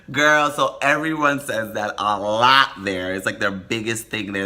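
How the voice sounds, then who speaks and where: A man telling a story in a casual, gossipy vlog, animated and camp, breaking into sudden high squeals. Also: measured pace. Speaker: vlogger.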